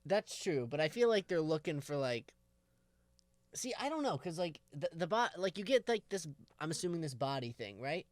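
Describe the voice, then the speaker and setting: Animated, hesitant podcast co-host man. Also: on the high side, moderate pace, no echo. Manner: hesitant, full of "like", laughs easily. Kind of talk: casual chat.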